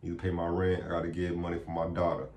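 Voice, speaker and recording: A man voicing a desperate, fed-up young mother, speaking low and weary, in an echoey room. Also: normal speed, darkish tone, lightly acted. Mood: weary pleading.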